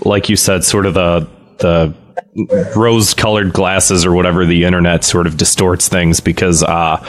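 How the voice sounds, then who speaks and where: A man with a very low voice in a casual podcast conversation. He speaks hesitantly, working his thoughts out as he goes. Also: flat delivery, moderate pace.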